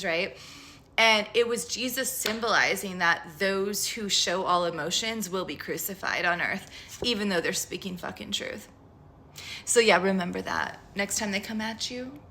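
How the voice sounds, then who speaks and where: A woman's voice: mid-range voice, bright, forceful tone, a little hiss or hum. A woman talking casually to camera about spirituality, frank and profane, rambling with lots of "like.". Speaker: spiritual tarot vlogger.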